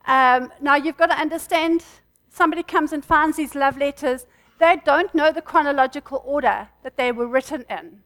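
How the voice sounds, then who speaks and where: Woman preaching to a small church group, talks fast, high voice, chatty and laughing. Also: a bit bright. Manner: fast-talking, chatty, laughs between points. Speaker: church speaker. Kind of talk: informal sermon teaching.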